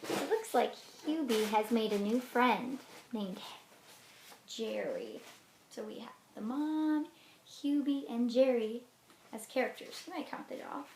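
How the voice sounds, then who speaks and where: A woman teacher reading a children's book aloud in an expressive way, then explaining class activities. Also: a little high, unhurried. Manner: expressive storybook reading with lively swings. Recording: roomy echo with faint noise.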